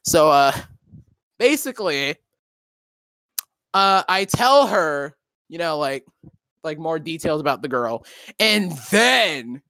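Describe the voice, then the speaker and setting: A man's voice: fairly high pitch, big pitch swings, slow pace, long pauses, sharp tone, no echo. A young man telling a story in casual chat, rambling and profane with many fillers and restarts. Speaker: co-host.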